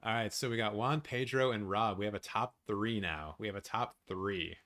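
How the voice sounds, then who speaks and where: Dude streaming a live reaction, lowish voice, swears a bunch and yells at chat. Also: male voice, moderate pace. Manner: excitable, swears a lot, talks to chat. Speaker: streamer hosting a live watch-along.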